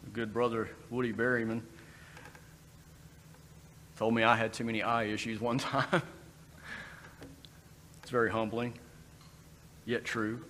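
A man's voice: medium pitch, level tone, measured pace, long pauses, a bit bright. Man preaching in a reverberant hall. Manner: conversational, with restarts and acted quotes. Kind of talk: sermon. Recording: long reverb in a hall, faint background noise.

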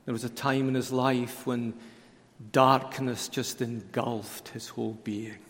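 Male preacher, mid-pitched, deliberate and hushed on key words, heard in a reverberant hall. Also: steady tone. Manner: slow, emphatic, dropping to hushed tones on key words. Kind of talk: sermon at a conference.

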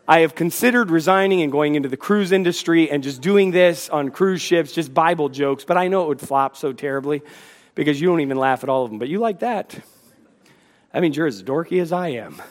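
A male pastor preaching a sermon, moving between intense, emphatic passages and quick joking asides to the congregation. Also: sits high, a bit bright.

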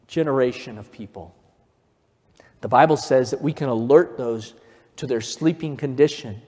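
A male pastor preaching a sermon, telling stories and building from quiet to fervent emphasis. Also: fairly high pitch. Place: church sanctuary. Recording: long reverb of a church hall.

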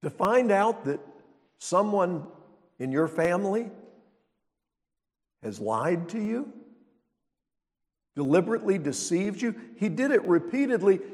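Slow-speaking pastor in a reverberant hall. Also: male voice, high-pitched, sing-song. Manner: conversational teaching with rhetorical questions to the congregation. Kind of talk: sermon. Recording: long reverb of a large hall.

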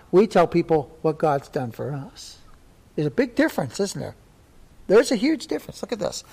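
Male pastor, high voice, emphatic sermon delivery with repetition. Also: a little mellow. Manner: emphatic, repeats words for stress.

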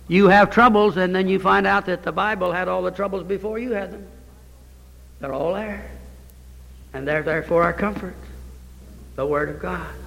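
Male pastor, high voice, folksy animated sermon delivery; reverberant church hall. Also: vocal fry.

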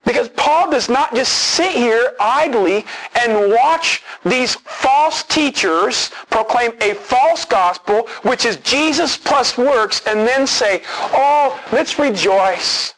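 Earnest high-voiced male preacher. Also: expressive, takes it slowly, hardly any pauses, fairly bright tone, rough recording. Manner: earnest, emphatic, repeats key words for stress. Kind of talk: expository sermon.

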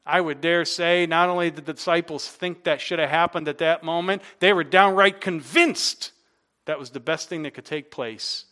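Bright-voiced male pastor preaching. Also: on the high side, moderate pace. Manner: storytelling, swings from hushed to loud and animated. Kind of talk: sermon.

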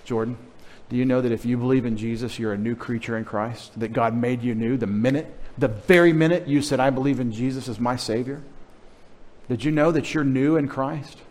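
A middle-aged man preaches a sermon with a playful, teasing manner, coaxing the children to answer and repeat after him. His voice sits at an ordinary middle pitch for a man. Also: brisk, a little mellow. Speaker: pastor.

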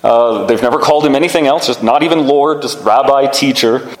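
A man's voice: medium pitch, fairly quick. A man preaching a sermon, teaching earnestly and often restarting his sentences. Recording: echoey hall with long reverb.

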